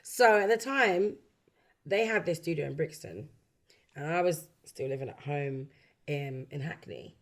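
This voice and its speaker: A London woman in her early forties, a backing singer and songwriter, telling stories from her career in a relaxed interview, acting out quoted voices and laughing often. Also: low-pitched, measured pace. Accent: London English. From London, England. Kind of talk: casual chat.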